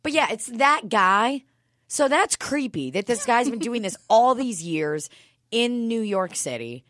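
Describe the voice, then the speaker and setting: A woman's voice: a little high, expressive, measured pace, fairly bright tone, dry recording, studio quality. A woman in casual conversation, rambling through a story with plenty of fillers and swearing. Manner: profane, rambling with lots of fillers. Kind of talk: casual chat.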